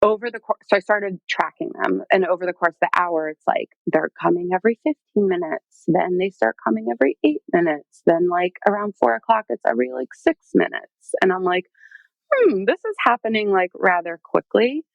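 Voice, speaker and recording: Chatty woman with a low voice. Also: brisk, creaky, hardly any pauses, no room sound, highs cut off. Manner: chatty, lots of "like" and "um", animated quoting. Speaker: podcast guest telling her birth story. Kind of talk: casual storytelling.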